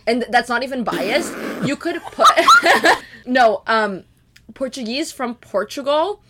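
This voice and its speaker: A woman's voice: fairly high pitch, lively intonation, a little slow, fairly bright tone. A young woman from Brazil co-hosting a podcast, chatting casually and bluntly with lots of "like". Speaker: podcast co-host. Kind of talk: casual chat.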